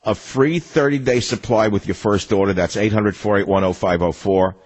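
Older male radio host, husky voice, low pitch, combative and mocking. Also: normal speed, darkish tone, rough recording. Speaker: radio talk show host. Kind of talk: political talk radio monologue.

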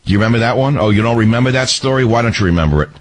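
A man's voice: medium pitch, lively intonation, very fast, low-quality recording. A man hosting a talk radio show, delivering a mocking, scolding political monologue.

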